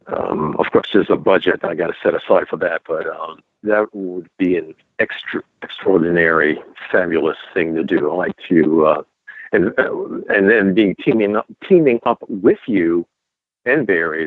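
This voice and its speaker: Middle-aged French-accented investigator, very deep voice, rambling delivery, heard over a tinny dry phone line. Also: male voice, dry recording. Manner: rambling storyteller with many fillers and restarts. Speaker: paranormal and UFO investigator guest. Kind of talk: casual interview over the phone.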